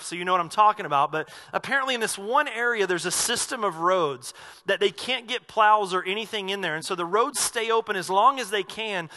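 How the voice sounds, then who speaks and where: A male pastor preaching a sermon in a conversational way, with asides and self-corrections, slowing down to stress key phrases. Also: high voice, pushed and bright. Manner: slows down for emphasis on key phrases.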